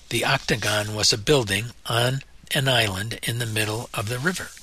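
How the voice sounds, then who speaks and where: A man narrating a novel in a measured storytelling manner. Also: medium pitch, pushed and bright, a little hiss or hum. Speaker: audiobook narrator. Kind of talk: scripted narration.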